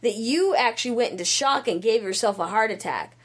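A woman's voice: fairly high pitch, lively intonation, a little fast. A woman putting on the lines of a smug, airheaded young goddess who brushes things off, in a casual retelling. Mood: breezy dismissive. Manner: breezy, dismissive, giggly.

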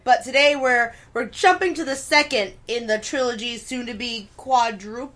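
A woman's voice: a little high, moderate pace, fairly bright tone. A woman co-hosting a gaming podcast, talking in a playful, joking way. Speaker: podcast co-host. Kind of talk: casual podcast chat.

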